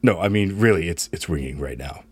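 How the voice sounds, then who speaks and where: A man's voice: deep voice, animated, a little fast, breathy edge, dry recording. A man playing Merlin, a kindly talking book. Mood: gentle. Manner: gentle, rambling and reassuring. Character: Merlin as an old talking book, wise and kind.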